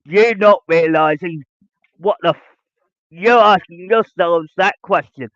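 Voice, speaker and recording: A man's voice: sits high, a little slow, a bit bright, no room sound. A man hosting a podcast monologue, lecturing his listeners in a ranting, repetitive way. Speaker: podcast host. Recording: dull lo-fi dry sound.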